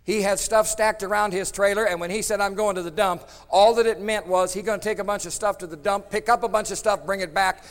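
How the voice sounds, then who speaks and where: Man, preacher, storytelling sermon, emphatic with hushed drops, long church reverb. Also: sits high, steady tone, a little fast, few pauses. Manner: emphatic, swings between loud outbursts and hushed tones.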